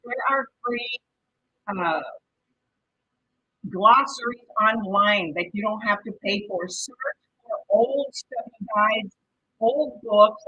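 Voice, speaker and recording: A woman's voice: mid-range voice, pushed and bright, husky, lo-fi sound. A woman with a Mexican Spanish accent teaching a live-streamed exam prep lesson, chatty and encouraging, often checking in with "okay?". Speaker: real estate exam prep instructor.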